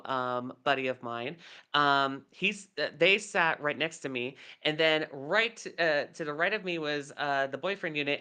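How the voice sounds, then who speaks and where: Woman in her thirties, podcast co-host, rambling anecdotes, bright smooth tone. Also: low-pitched. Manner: rambling storyteller, many fillers. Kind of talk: casual chat.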